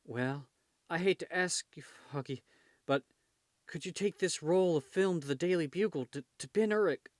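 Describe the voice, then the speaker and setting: Man doing a hurt young Irish woman, raised pitch, pained and pleading, dry close sound. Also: normal speed, dry recording, lightly acted. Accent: attempted Irish. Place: home room with his cat.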